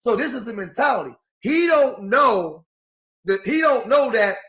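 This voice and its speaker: A man's voice: very high-pitched, a bit bright. A man with an African American English accent in a casual discussion, speaking passionately and insistently. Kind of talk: casual talk-show discussion.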